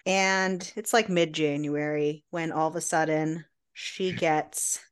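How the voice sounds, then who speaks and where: A woman co-hosting a casual podcast with a slightly low, smooth voice. She summarizes the story at a slow pace and stretches out her words as she goes. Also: fairly even intonation. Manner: measured summarizing, drawn-out words. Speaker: podcast co-host. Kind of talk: casual book discussion.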